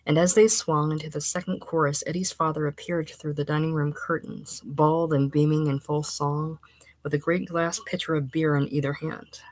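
A woman with a notably low voice reads a short story aloud in a steady, even narration. Her delivery sometimes drops to a hushed near-whisper. The recording is close and dry, with no room sound. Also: moderate pace, dry recording. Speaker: reader.

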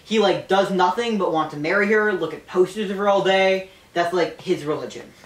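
A woman casually retelling a novel's plot to friends, animated, with frequent swearing and laughter. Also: lowish voice, moderate pace, far from the mic. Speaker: podcast co-host retelling a novel. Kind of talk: casual storytelling chat. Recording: roomy, off-mic.

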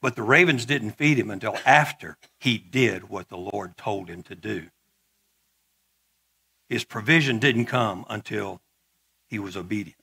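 A man's voice: fairly low pitch, unhurried, vocal fry, pauses often, bright, forceful tone, slightly rough. A middle-aged male pastor preaching a sermon in a conversational way, with joking asides and frequent repeated words.

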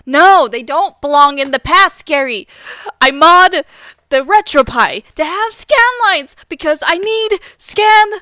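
A woman's voice: high-pitched, lively intonation, slow pace, bright, forceful tone, no echo, studio quality. A young woman streaming a retro game live, chatting with her chat in a playful, teasing way with mock outrage and frequent laughter. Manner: giggly, laughs often. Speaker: gaming streamer.

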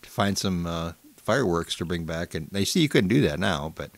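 Low-voiced rambling man hosting a chat. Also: expressive, moderate pace, dry recording. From Michigan. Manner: rambling, laughs easily. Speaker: host. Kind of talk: casual chat.

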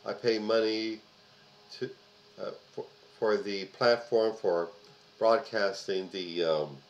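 A man's voice: lowish voice, fairly even intonation, slow, highs cut off. A man hosting his own commentary video, delivering an emphatic opinion monologue with repeated phrases for stress and frequent "uh" fillers. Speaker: host of a political commentary video.

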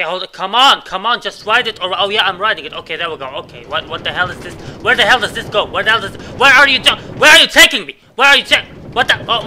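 A young man, a native Arabic speaker, giving excitable, swearing commentary while playing a game and reacting loudly to surprises. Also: high-pitched, a little hiss or hum, rough recording. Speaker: gaming YouTuber. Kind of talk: Minecraft let's play commentary.

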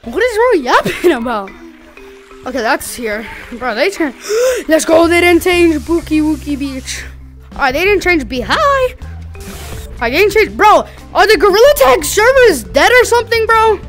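A young woman giving excitable, slangy gameplay commentary, full of exclaiming. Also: extremely high pitch, a little slow, soft background music. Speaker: gaming YouTuber.

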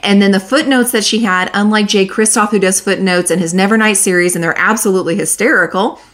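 Brief: young adult woman, book vlogger, candid and chatty, mid pitch, laughs easily. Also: fairly even intonation, fast talker, a bit bright. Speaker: book reviewer. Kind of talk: casual monthly reading wrap-up.

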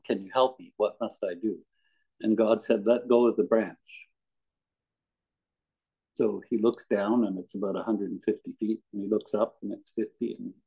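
A man's voice: lowish voice, creaky, warm tone, slightly rough, poor audio. A man giving a conversational devotional talk as a guest speaker, mixing anecdotes and readings and chuckling often.

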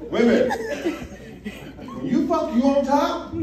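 A man's voice: high voice, expressive, normal speed, very noisy. A stand-up comedian on a comedy club stage, working the crowd in a brash, profane way while acting out his bits. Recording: echoey live club from far off, loud crowd laughter.

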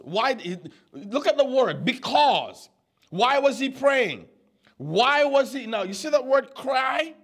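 A man in his twenties preaching a sermon, teaching the Bible with animated, teasing questions to his congregation. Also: very high voice, slow pace. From U.S. Virgin Islands. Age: 20s.

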